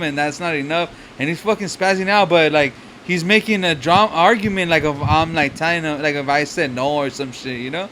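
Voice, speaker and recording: A man chats loosely on a podcast, slipping into the voices of the people in his story and cursing freely. His voice sits a little high, with faint noise under the recording. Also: a little fast, hardly any pauses, fairly bright tone. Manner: swearing, storytelling with quoted voices. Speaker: podcast co-host. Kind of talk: casual chat.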